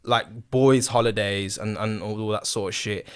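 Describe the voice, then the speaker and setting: A young man telling a story in casual chat, animated, full of slang and laughter. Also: fairly low pitch, moderate pace, smooth. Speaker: podcast guest telling a story.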